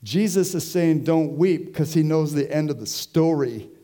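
A man's voice: fairly high pitch, animated, normal speed, mellow. A man preaching a sermon to his congregation in a conversational way, often putting questions to the listeners. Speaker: pastor. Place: church.

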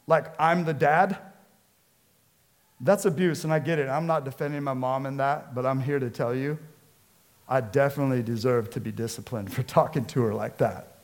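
A man's voice: mid-range voice, a little mellow. A man preaching a sermon as pastor, emphatic and conversational, and he mixes in casual slang.

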